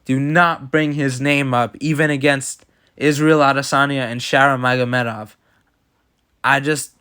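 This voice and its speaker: A man's voice: mid-range voice, fairly bright tone, clear, resonant tone. A man giving casual, blunt and opinionated reactions to fight results as commentator. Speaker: MMA commentator.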